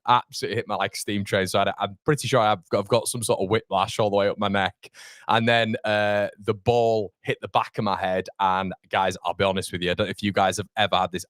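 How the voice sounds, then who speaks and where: A man's voice: lowish voice, fairly bright tone, no echo, studio quality. A young man hosting a live football fan stream, rambling and chatty, reading out viewer comments while feeling a bit fuzzy from a mild concussion. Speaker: fan channel host.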